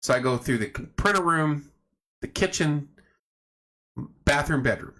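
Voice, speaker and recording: A man's voice: fairly high pitch, a little slow, sharp tone. A man hosting a casual home livestream, rambling through stories and greeting viewers by name. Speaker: livestream host. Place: home room at night.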